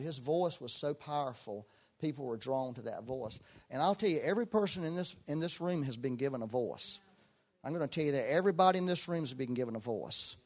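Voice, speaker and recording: A man preaching a sermon in a folksy, emphatic way, with loud bursts and joking asides. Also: mid-range voice. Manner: folksy, self-deprecating asides.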